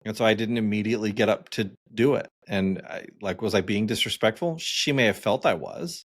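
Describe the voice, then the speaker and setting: A man's voice: lowish voice, fairly quick, fairly bright tone. A man in his forties co-hosting a podcast, chatting casually and telling stories with fillers and frequent laughs. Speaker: podcast co-host.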